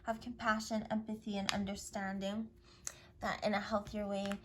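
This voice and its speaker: A woman giving a spiritual tarot reading in an effusive, affirming way, often dropping into soft whispers. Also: mid-range voice, moderate pace. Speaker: tarot reader. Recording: steady hiss and clicks.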